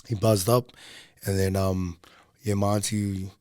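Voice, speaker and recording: Young male guest, low voice, rambling casual storyteller, dry close sound. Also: little pitch movement, measured pace, darkish tone, dry recording. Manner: low-key, loose, rambling with frequent ums. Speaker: podcast guest.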